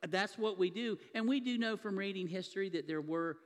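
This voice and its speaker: A man's voice: sits high, a little fast. A man preaching a sermon, telling a scripture story vividly to his congregation. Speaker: pastor. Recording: long hall reverb.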